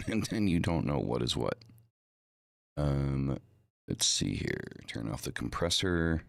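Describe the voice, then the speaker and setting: A man's voice: extremely low pitch, gravelly, dry recording, clean studio sound. A man hosting his own live podcast, chatting casually and rambling with many fillers and repeated words, using a home streaming mic. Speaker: podcast host.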